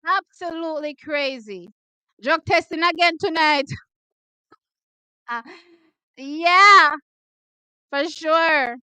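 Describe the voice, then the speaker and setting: A Jamaican woman hosts a live watch party, reacting to sprint races as they unfold. Her voice sits very high and sounds bright and sharp. She breaks into cheers and repeated excited shouts, recorded close and dry. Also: takes it slowly, long pauses, dry recording.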